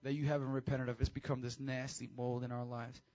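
A man preaching a casual, high-energy sermon to teenagers as youth pastor, with call-and-response. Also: flat delivery, brisk, darkish tone, highs cut off.

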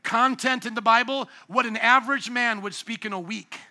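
A hoarse man preaching a sermon in a church on a handheld microphone, often asking the congregation to call out the next word. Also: very high voice, steady tone, normal speed, bright, forceful tone. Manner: asks the congregation fill-in questions. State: going hoarse. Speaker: pastor.

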